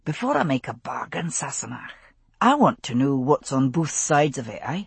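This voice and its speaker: A woman voicing a drowsy, wry Scottish man who gently teases his wife in bed. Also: rumbling low, very animated, normal speed, creaky, husky, no echo, pitched below the performer's own voice, full character voice. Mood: wry, thoughtful.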